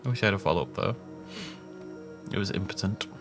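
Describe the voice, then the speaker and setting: A man's voice: deep voice, animated, quick pace, a bit bright, soft background music. A man giving rambling, jokey commentary while he plays a game, often laughing at his own tangents. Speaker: gaming YouTuber. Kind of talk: casual let's-play commentary.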